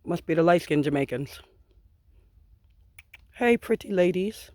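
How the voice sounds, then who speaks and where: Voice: medium pitch, animated, a little slow, long pauses, darkish tone, no echo. A backyard chicken keeper filming a casual vlog outdoors in a chicken yard, teasing and chatting playfully with the birds.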